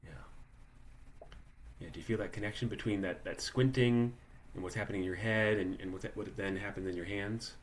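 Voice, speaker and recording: Low-voiced man leading a workshop. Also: steady tone, brisk, a little hiss or hum. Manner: conversational, many restarts and "like", asks participants questions. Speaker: workshop leader. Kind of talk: live workshop teaching. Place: online live workshop, video call.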